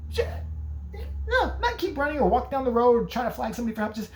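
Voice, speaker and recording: A woman's voice: a little high, very animated, quick pace, a little hiss or hum. A woman giving a sarcastic, profane, casual recap of an old movie. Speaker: movie reviewer.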